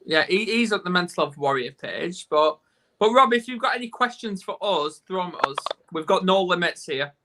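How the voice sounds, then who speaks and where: A man's voice: high-pitched, expressive, moderate pace, bright, forceful tone. A man with a Northern English accent hosting a casual live video chat, joking and rambling in a self-deprecating way. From England. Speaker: host. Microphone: video call.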